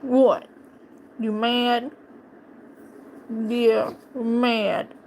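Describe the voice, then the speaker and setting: A woman's voice: fairly high pitch, flat delivery, very slow, a little mellow, a little hiss or hum. A woman streamer chatting casually and playfully teasing her pet on a live stream.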